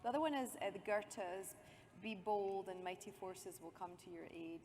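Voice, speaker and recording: A woman's voice: medium pitch, moderate pace, darkish tone. A woman, a guest actress at a convention panel, answering fans in a giggly, teasing way. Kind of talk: convention Q&A chat. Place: convention center panel stage. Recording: noisy convention hall mic.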